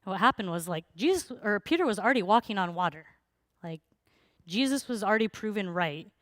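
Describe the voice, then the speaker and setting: A woman's voice: mid-range voice, expressive, brisk, no echo. A woman preaching a sermon, telling the story in a chatty, informal way with plenty of fillers.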